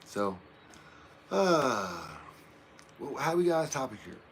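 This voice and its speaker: A man's voice: mid-range voice, very animated, slow, a little hiss or hum. Rambling middle-aged man from Oregon. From Oregon, USA. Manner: rambling, chuckles through heavy stories. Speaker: livestream host. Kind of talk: casual personal storytelling.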